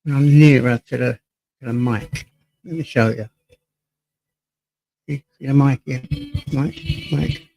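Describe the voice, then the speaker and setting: A man's voice: mid-range voice, wildly swooping pitch, slow, vocal fry, long pauses, warm tone, dry recording, poor audio. An English man hosting a casual live stream from home, greeting viewers by name and reading the chat aloud, sometimes drifting away from his desk mic. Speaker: livestream host. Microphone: desk mic, sometimes off-axis.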